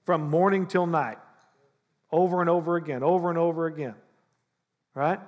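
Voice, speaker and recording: A man preaching a sermon as pastor, animated and conversational, often acting out how people pray. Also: a little high, normal speed, in a large hall, lo-fi sound. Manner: animated, acts out prayers in mock voices.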